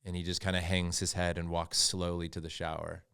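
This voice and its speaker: Middle-aged man, low voice, candid interview guest who tells stories earnestly and reflectively. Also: brisk, vocal fry, smooth. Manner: earnest and reflective, animated when recounting stories. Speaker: podcast guest, founder of a fathers' group. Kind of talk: candid conversational storytelling.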